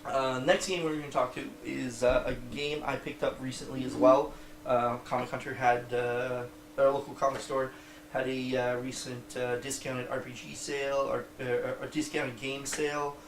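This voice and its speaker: A man's voice: medium pitch, little pitch movement, normal speed. A man talks through small card games in a loose, rambling podcast chat, stopping and restarting often and swearing freely. He sits some way back from the mic, so his voice comes across roomy and distant, with a faint hiss of room noise behind him. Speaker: podcast co-host. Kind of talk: casual board game review chat.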